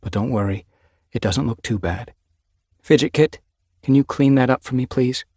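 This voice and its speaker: A man voicing a calm female medicine cat who murmurs gentle reassurance. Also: mid-range voice, normal speed, breathy edge, dry recording, clean studio sound, pitched above the performer's own voice. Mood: reassuring.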